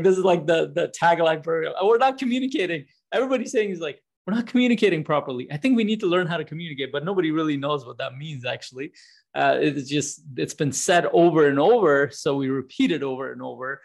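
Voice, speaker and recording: A man's voice: on the high side, vocal fry. A man in his thirties hosting a podcast, talking in a casual, rambling way with frequent restarts. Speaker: podcast host.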